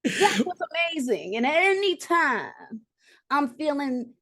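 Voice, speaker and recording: Animated high-voiced woman telling stories. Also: slow. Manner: animated, profane, acts out her own reactions. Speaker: guest comic book writer. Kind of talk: casual interview storytelling.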